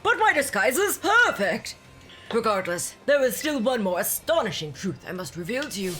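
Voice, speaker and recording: A woman's voice: fairly high pitch, very animated, normal speed, a bit bright, faint music behind. A woman voicing a theatrical male academy director who turns out to be the villain, reading game dialogue aloud in a hammy, grandiose way.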